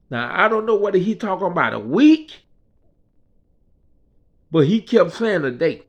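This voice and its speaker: A man's voice: high voice, very animated, unhurried, creaky, pauses often. A man casually telling a rambling story about his hospital stay, talking as a patient and often asking "you know what I mean". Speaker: vlogger telling a personal story. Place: hospital room. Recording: dull lo-fi sound.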